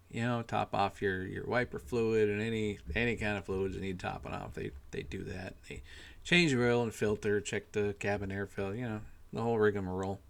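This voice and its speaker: A man ranting in a casual monologue, rambling and exasperated, swearing often and filling pauses with "you know". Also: fairly low pitch, fairly even intonation, creaky. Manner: profane, rambling, exasperated, lots of fillers. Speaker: podcast host.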